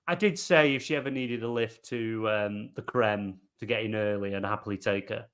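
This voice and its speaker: A man on a gaming podcast, telling animated, swear-laden stories and acting out the quotes. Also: fairly low pitch, moderate pace, clean tone. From England. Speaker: podcast panelist. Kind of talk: casual chat.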